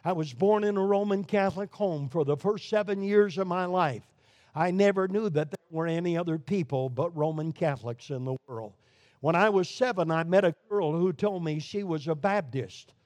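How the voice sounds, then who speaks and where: A man from Brooklyn preaching a sermon, emphatic, with sudden swings between loud declarations and quiet, low lines. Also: moderate pace, dry recording. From Brooklyn, New York. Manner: emphatic preaching with sharp rises and drops in volume.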